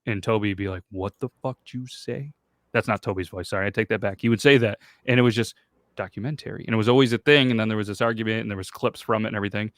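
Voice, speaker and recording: A man's voice: lowish voice, fairly even intonation, racing, a bit bright, no room sound, studio quality. A man hosting a podcast, rambling casually and swearing in loose banter. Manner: rambling, swearing, self-conscious. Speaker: podcast host.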